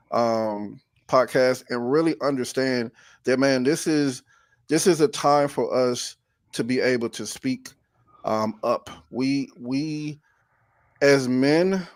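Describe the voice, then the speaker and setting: A man of middle pitch speaks haltingly and openly as a podcast host, often stopping to restart his sentences. The sound is dry and close, with no room around it. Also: no echo. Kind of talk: casual conversation.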